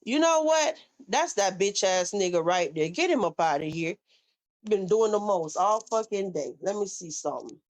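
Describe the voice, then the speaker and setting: A woman's voice: lowish voice, animated, normal speed, a little mellow. A woman with a Southern US accent hosting a casual live stream, talking bluntly and with plenty of swearing as she speaks straight to her chat. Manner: blunt, profane, addresses chat directly. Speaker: livestream host.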